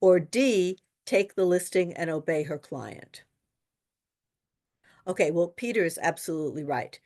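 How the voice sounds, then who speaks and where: A woman tutoring for a real estate exam in a webinar, talking casually and telling lively stories with quoted dialogue. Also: lowish voice, a little slow. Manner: chatty, animated storytelling with quoted dialogue. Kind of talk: webinar lesson with anecdotes.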